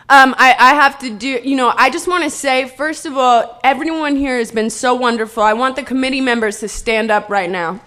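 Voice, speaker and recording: A woman in her twenties giving an excitable, joking, self-deprecating speech to a live audience at a convention, rambling with fillers. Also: sits high, normal speed, hardly any pauses. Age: 20s. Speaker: convention speaker.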